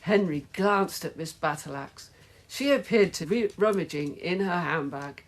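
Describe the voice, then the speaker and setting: A woman reading a children's storybook aloud in slow, measured storytelling. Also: lowish voice, expressive. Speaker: narrator.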